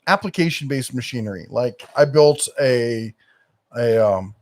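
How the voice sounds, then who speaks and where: A man's voice: medium pitch, expressive, unhurried, darkish tone. Rambling middle-aged man on a live stream. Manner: rambling, searches for words with many fillers. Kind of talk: casual live-stream chat.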